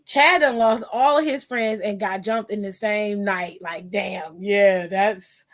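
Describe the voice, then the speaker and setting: A woman hosting a podcast, recapping wrestling in a casual, animated way, blunt and profane with sassy asides. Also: mid-range voice, takes it slowly. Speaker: podcast host.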